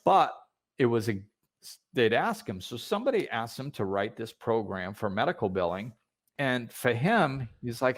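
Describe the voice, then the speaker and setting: A man's voice: medium pitch, big pitch swings, moderate pace. A man hosting a podcast, telling a spiritual story in a loose, casual way full of fillers and restarts. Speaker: podcast host.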